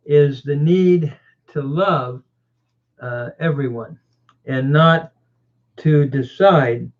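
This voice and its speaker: A man lectures on grammar in a slightly raised voice, moving very slowly and deliberately. He halts often with fillers between phrases. The sound is thin and tinny, like a phone line. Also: a little high. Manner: deliberate, halting, with many "uh" fillers. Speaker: teacher of biblical languages.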